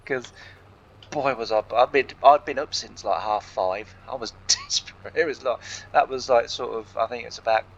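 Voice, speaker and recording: Gravelly young English guy telling a story. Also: mid-range voice, a little slow, pauses often, a little hiss or hum. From England. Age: young adult. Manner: rambling anecdote, retelling each exchange with "I said" and "she said". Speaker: let's play host. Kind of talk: casual storytelling over gameplay. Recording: dull lo-fi recording.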